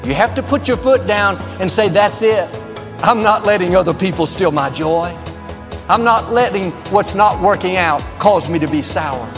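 A man's voice: high voice, normal speed, in a large hall, over music. A man preaching a sermon as pastor, upbeat and confident, building to repeated declarations.

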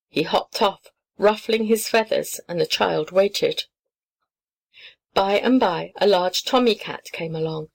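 Gentle woman reading a storybook. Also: mid-range voice, a little slow, vocal fry. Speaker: audiobook reader. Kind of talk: storybook narration.

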